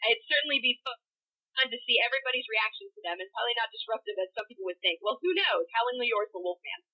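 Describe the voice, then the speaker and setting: A woman co-hosts a casual podcast with a slightly high voice. She giggles often and reads listener emails aloud. The audio is dull and lo-fi. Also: expressive, fast talker. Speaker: podcast co-host. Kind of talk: casual chat.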